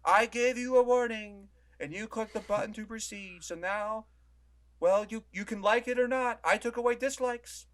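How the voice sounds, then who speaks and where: A man's voice: sits high, normal speed, fairly bright tone, voice pushed up. A man putting on a smug corporate spokesman. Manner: pompous, dismissive.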